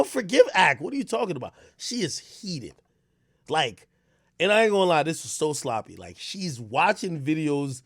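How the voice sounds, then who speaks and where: A young man in casual reaction commentary, telling stories with lots of fillers and sudden bursts of shouting. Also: medium pitch, no echo, studio quality. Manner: animated storytelling with frequent fillers, bursts of shouting. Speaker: streamer commentator.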